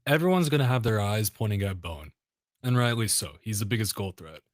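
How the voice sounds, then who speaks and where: American dude talking footy, low voice, laid back, jokes on himself. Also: male voice, animated, fairly quick, no room sound, clean studio sound. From United States. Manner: easygoing, self-mocking, laughs often. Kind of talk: casual football chat.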